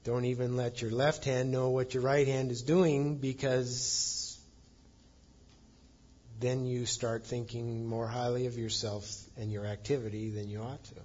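A man's voice: mid-range voice, flat delivery, a little slow, darkish tone, breathy edge, lo-fi sound. A man preaching a sermon as pastor, reading scripture aloud and stressing points with emphasis.

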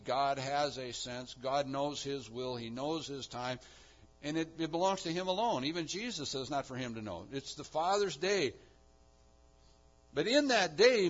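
A man preaching a sermon on a Bible passage, moving between quiet explanation and loud, emphatic peaks. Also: a little high. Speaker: pastor. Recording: dull lo-fi sound.

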